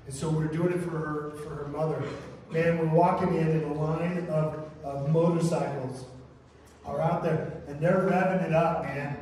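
A man's voice: fairly high pitch, fairly even intonation, moderate pace, a little mellow, a little hiss or hum. A man preaching a sermon as a pastor, telling stories casually and often saying "man" and "right?". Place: church sanctuary. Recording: echoey church hall from far off.

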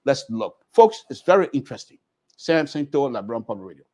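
A man's voice: medium pitch, sing-song, fairly quick, a little mellow. A middle-aged Liberian man hosting a radio talk show, talking in a folksy, repetitive, preacher-like way. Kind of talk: opening prayer then casual monologue.

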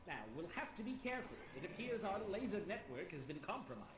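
A man voicing a cheerful, oddly calm male scientist in a game video, breezy and falsely reassuring. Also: high-pitched, fast talker, crowd noise, rough recording.

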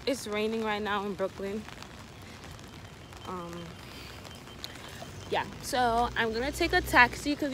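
A woman's voice: mid-range voice, measured pace, pauses often. A young woman chatting casually to her vlog viewers, rambling and calling them y'all, filmed at home and then out on a rainy street. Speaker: vlogger. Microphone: clip-on mic and phone camera. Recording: noisy phone vlog audio.

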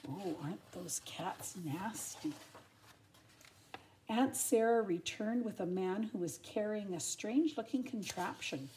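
An older woman reads a children's storybook aloud at an unhurried pace, her voice soft and mellow. She reads expressively and drops in gentle asides to her young listeners. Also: mid-range voice, animated. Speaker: grandmother reading aloud.

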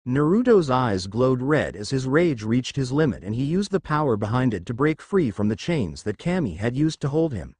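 A male narrator reads a fan fiction story aloud. His pitch swings freely through the lines, and the recording is dry, with no room sound. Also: sing-song, normal speed, hardly any pauses, darkish tone, dry recording.

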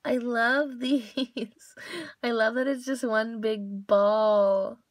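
A woman's voice: fairly high pitch, steady tone, extremely slow, no echo, clean studio sound. A young woman hosting a casual toy unboxing video, gushing over each cute toy with gasps and squeals.

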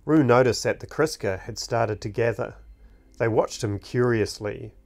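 Man slowly reading a fantasy story. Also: medium pitch, vocal fry, darkish tone. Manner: slow, deliberate reading. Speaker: narrator. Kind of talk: storybook narration.

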